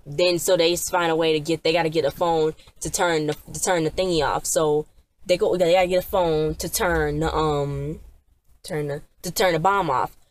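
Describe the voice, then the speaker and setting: A woman with a low voice recapping a TV episode casually. She rambles and restarts often, full of fillers. She acts out the characters' lines as she goes. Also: fairly even intonation, normal speed. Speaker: TV episode reviewer.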